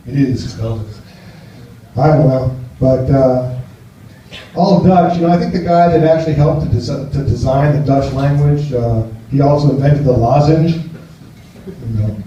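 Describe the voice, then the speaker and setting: A man works through a stand-up set in a cafe, riffing in a loose, chatty way. His voice sounds dark and mellow, and it is caught from some distance. The room gives it a heavy echo, and the recording is slightly muffled. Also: mid-range voice, normal speed, slight background noise. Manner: chatty, riffing on Dutch words with frequent "you know". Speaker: stand-up comedian. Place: cafe stage before a live audience.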